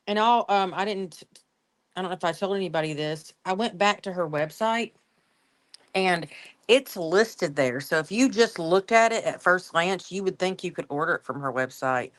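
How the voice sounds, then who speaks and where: A woman's voice: lowish voice, animated, moderate pace, fairly bright tone. A woman on a livestream panel, chatting casually and laughing often. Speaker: panel guest.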